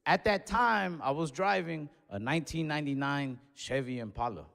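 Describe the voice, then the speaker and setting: Animated young comedian, reverberant stage. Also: male voice, on the high side, normal speed, creaky. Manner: animated, acts out other voices, profane and loose. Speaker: stand-up comedian. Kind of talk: stand-up storytelling. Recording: long hall reverb on stage.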